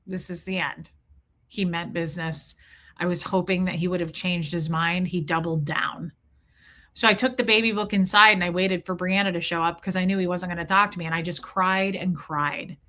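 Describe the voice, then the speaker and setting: A woman's voice: fairly low pitch, fairly even intonation, moderate pace, bright, forceful tone. A woman from Kansas City, podcast host, telling a personal story candidly and emotionally with lots of "like" fillers. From Kansas City, USA.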